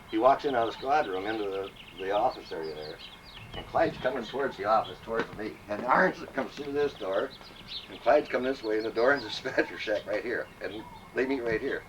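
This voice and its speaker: A man casually telling profane, animated stories about his old police dispatching days. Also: fairly low pitch, highs cut off. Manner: profane, animated anecdotes with acted quotes. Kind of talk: casual storytelling among old friends. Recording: distant mic, noisy home recording.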